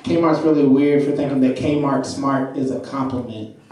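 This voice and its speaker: A man's voice: medium pitch, measured pace, recorded from a distance, background noise. A man doing stand-up comedy, telling self-mocking stories in a loose way with plenty of fillers, live on stage. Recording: roomy live club, mic from afar. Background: audience laughter.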